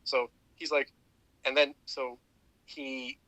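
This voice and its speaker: A man's voice: medium pitch, flat delivery, slow, pushed and bright, poor audio. A man on a podcast, casually retelling a story with lots of fillers and restarts. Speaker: podcast co-host. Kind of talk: casual chat.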